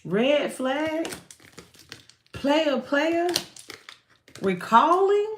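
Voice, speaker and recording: A woman giving a live tarot reading in an animated, slangy way, swearing and often breaking off mid-sentence. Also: high voice, slow, long pauses, roomy sound, slight background noise. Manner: animated, slangy, swears, frequent self-interruptions. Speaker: tarot card reader.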